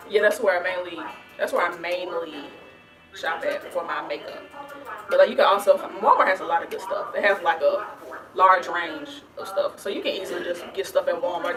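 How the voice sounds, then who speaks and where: A young woman from the American South answering viewer questions in a chatty, rambling vlog, full of restarts and "like". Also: lowish voice. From Southern United States. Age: young adult. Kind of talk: casual Q&A vlog.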